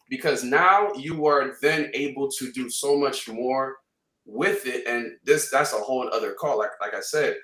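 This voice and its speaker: A slightly high, bright and forceful man speaks from a little away from the mic in a roomy space, chatting on a trading livestream. He is animated and slangy, hammering points home with repetition. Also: recorded from a distance, slight background noise. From Canada. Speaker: forex trading panelist. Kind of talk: casual livestream panel talk.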